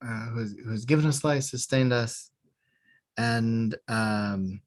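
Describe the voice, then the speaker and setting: A man teaching a beginner Hebrew class, patient and a little hesitant, pausing with fillers as he explains. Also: medium pitch.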